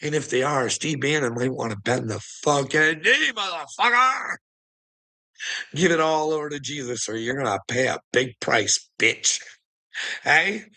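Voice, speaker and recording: A man's voice: on the high side, big pitch swings, unhurried, sharp tone, poor audio. A man talking in a rambling, sardonic monologue, laughing often and swearing as he goes. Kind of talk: casual conspiracy commentary monologue.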